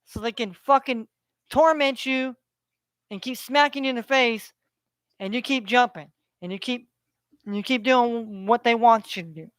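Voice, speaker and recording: A male vlogger delivers a preachy ranting monologue packed with profanity, hammering his points home by repeating them to viewers. His very high, fairly bright voice is smooth, moderately paced, and free of room sound.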